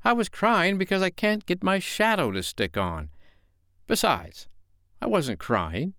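A man's voice: fairly high pitch, wildly swooping pitch, takes it slowly, no room sound, clean studio sound, voice pushed up, exaggerated voice. Peter Pan, a cocky boy, as a man puts him on. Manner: boastful, indignant, sharp. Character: cocky proud young boy who never grows up. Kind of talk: storybook character voice.

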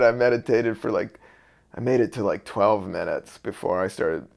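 A man's voice: on the low side, creaky. A middle-aged man from the Virginia and D.C. area, hosting his show as a stand-up comic in a loose, profane, rambling monologue. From Virginia and Washington D.C. area, US. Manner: loose, profane, rambling, drifting between topics. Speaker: podcast host and stand-up comedian.

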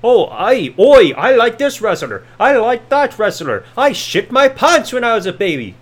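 A man's voice: very high voice, very animated, normal speed, full character voice. A man doing a mock Irish voice as a brash, cocky wrestler, drawling slangy catchphrases.

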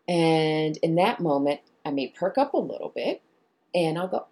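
A woman therapist speaks in a low, husky voice with a mellow tone. She explains her approach to viewers and acts out exchanges with clients, jumping up into animated voices for the quoted lines. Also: normal speed.

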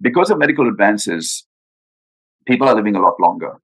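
Husky, emphatic man explaining money. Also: fairly low pitch, expressive, brisk, poor audio. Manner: earnest, emphatic, rhetorical questions. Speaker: guest financial adviser. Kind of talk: podcast interview.

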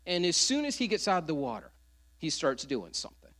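A male pastor preaching a sermon, earnest, quoting scripture with dramatic pauses. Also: a little high, huge pitch swings, fairly bright tone.

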